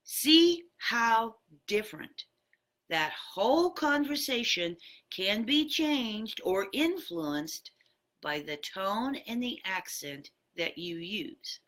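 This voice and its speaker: A woman's voice: fairly high pitch, sing-song, slow pace, a bit bright. A woman giving a motivational talk about the power of words, speaking emphatically and shifting her tone for effect.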